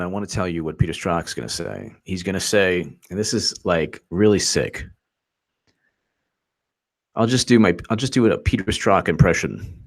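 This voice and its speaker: A man giving rambling, sarcastic political commentary on a livestream, often mocking quotes in put-on voices. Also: deep voice.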